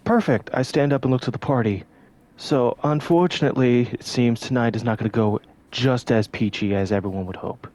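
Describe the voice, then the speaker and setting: A man playing a tabletop game, speaking in a measured, formal way. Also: medium pitch, steady tone, darkish tone. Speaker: player.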